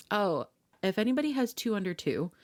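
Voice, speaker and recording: A woman's voice: mid-range voice, sing-song, normal speed, a little mellow. A young woman co-hosting a podcast, telling a family story in casual chat, laughing often and acting out what people said. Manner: laughing storytelling, acts out dialogue. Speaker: podcast co-host.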